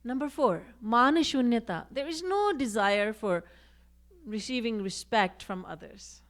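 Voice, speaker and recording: A woman's voice: a little high, lively intonation, measured pace. A woman giving a devotional discourse, reciting verses and acting out quoted speech with expression. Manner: recites Sanskrit and Hindi verses. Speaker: spiritual teacher.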